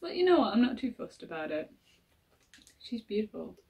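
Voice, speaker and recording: A woman gushing excitedly through an unboxing vlog, gasping and giggling as she talks. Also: medium pitch, moderate pace, husky. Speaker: collector unboxing a model horse. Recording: voice a little far from the mic.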